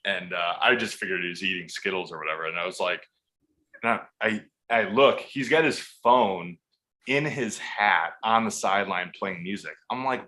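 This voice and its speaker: Podcast guest: man, thirties, bright forceful tone, relaxed profane storytelling. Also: low-pitched, normal speed. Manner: laid-back, swears freely, acts out quotes. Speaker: podcast guest, football player. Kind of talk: casual storytelling.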